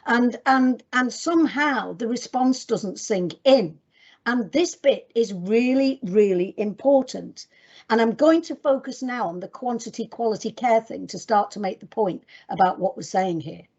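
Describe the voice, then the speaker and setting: A woman's voice: on the high side, animated, unhurried, a little mellow, husky, dull audio. A woman presenting to clinicians in a webinar, talking directly and emphatically as she moves through her slides. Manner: direct, emphatic, addresses audience as guys.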